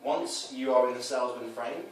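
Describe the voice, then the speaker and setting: A dating coach talks casually about his coaching approach, animatedly acting out scenes by shifting into different voices for quoted lines. His voice sits at medium pitch and moves at a moderate pace. The mic is distant, with a roomy echo and faint noise.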